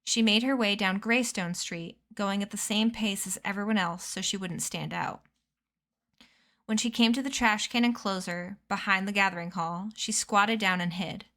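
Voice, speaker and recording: A woman reading a novel aloud on a stream, in a measured storytelling manner that drops soft and quiet at tense moments. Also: medium pitch.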